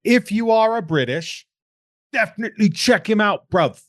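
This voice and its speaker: A man putting on a teasing mock-British bloke voice as a joke, loud and exaggerated. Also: high voice, expressive, very fast, voice pushed up.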